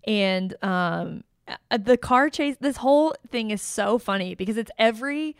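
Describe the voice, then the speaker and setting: A woman hosting a podcast, casually recapping a movie in an animated, laughing way with lots of fillers. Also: on the high side, a little slow, clear, resonant tone, no echo, clean studio sound. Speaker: podcast host.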